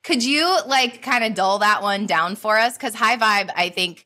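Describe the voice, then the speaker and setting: A woman's voice: mid-range voice, measured pace, sharp tone. A woman hosting a podcast interview, chatty and self-deprecating, acting out what people say. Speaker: podcast host, nurse. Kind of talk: casual interview chat.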